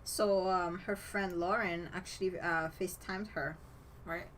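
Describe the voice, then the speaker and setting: A woman's voice: fairly low pitch, steady tone, a little slow, fairly bright tone, slight background noise, rough recording. A woman co-hosting a podcast, casually recapping a movie, laughing often and steering the story along. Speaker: podcast co-host.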